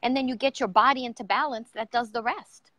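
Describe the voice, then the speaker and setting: A woman's voice: fairly high pitch, steady tone, fairly quick, a bit bright, dry recording. A middle-aged woman, a guest entrepreneur, telling her personal story in an earnest, emotional way with many fillers.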